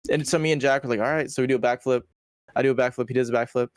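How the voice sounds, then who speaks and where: A man's voice: mid-range voice, fairly even intonation, rapid-fire, clear, resonant tone, no echo, studio quality. Young man rambling with heavy slang. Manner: rambling, heavy slang and swearing, many restarts. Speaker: podcast guest. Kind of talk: casual storytelling chat.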